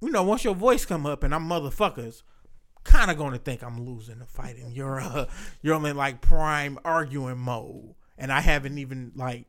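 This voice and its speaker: A man's voice: medium pitch, moderate pace, a bit bright. A man hosting a podcast, telling personal stories in a candid, profane, reflective way. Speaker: podcast host. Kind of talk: casual podcast chat.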